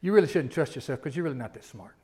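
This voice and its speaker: Speaking at a medium pitch, this middle-aged pastor preaches at a very fast, animated clip. He keeps the sermon conversational, throws rhetorical questions at the congregation, and climbs toward loud, emphatic high points.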